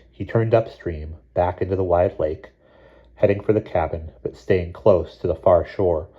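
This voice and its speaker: A man reading a novel chapter aloud in a measured, steady narration. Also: sits low, lo-fi sound. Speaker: audiobook reader. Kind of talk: scripted narration.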